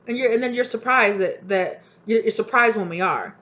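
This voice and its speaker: A woman's voice: a little high, normal speed, a bit bright, dull audio. A young adult woman, a tarot reader, talking casually to camera in a heated, passionate rant with swearing.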